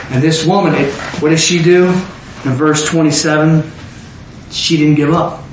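A man preaching a sermon as pastor, talking with the congregation and acting out scenes with sudden shouts. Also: on the high side, unhurried. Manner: animated, acts out biblical scenes with shouts. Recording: echoey room with faint noise.

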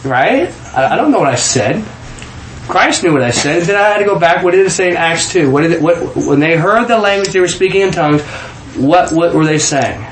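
A man from Kansas recounts a personal testimony and slips into the voices of the people in his story, stumbling and restarting as he goes. His voice sits a little high for a man. The room adds a clear echo, with a faint hum of ambience behind him. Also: fairly quick. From Kansas, USA. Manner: animated, acts out quoted voices, frequent restarts and laughs. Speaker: guest telling a testimony. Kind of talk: casual storytelling.

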